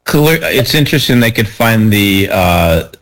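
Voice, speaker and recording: A very deep-voiced man in a relaxed podcast conversation. He drops teasing, dry comments into the talk. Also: measured pace. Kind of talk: casual chat.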